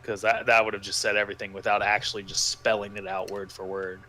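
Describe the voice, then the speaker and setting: A man's voice: on the low side, little pitch movement, quick pace, pushed and bright, a little hiss or hum. A man giving sarcastic, exasperated commentary while reading a story aloud with a co-host, often swearing. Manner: mocking, profane, exasperated.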